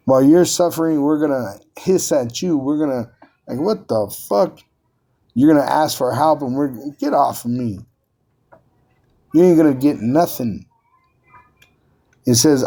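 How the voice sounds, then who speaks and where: A man's voice: on the high side, dark tone. A man preaching and teaching from scripture, combative and profane, often repeating words as he drives his points home.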